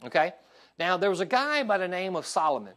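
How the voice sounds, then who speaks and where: Pastor, male, high-pitched, lively pulpit delivery, asks congregation for responses. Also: brisk. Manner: animated preaching with call-and-response asides. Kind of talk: sermon. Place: church sanctuary.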